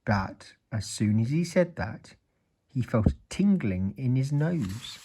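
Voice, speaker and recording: A man reading a children's story aloud in an expressive, playful way. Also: mid-range voice.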